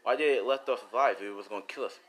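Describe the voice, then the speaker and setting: A man's voice: mid-range voice, rapid-fire, background noise, natural voice. A man voicing a confused, shaken young woman in a told story, asking anxious questions. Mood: bewildered.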